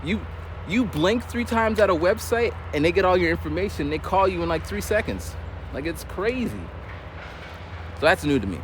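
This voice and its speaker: A man chatting casually as he walks outdoors, telling a rambling, animated story full of quoted dialogue. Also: sits high, moderate pace. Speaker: vlogger. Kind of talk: casual storytelling while walking. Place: outdoors on a street. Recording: faint street noise outdoors. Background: faint traffic noise.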